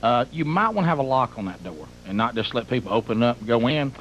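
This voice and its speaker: A man's voice: mid-range voice, lively intonation, quick pace, fairly bright tone. A middle-aged man, hosting a radio show and telling a comic story in a rambling, exaggerated way that piles up details. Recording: muffled broadcast with faint hum.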